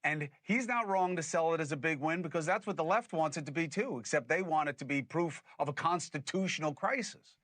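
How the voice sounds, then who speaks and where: A male host delivering political commentary in a forceful, bright voice pitched a little high. He argues emphatically and lays things out in plain language. The sound is dry and close. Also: brisk, hardly any pauses, no room sound. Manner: argumentative, emphatic, explains in plain terms.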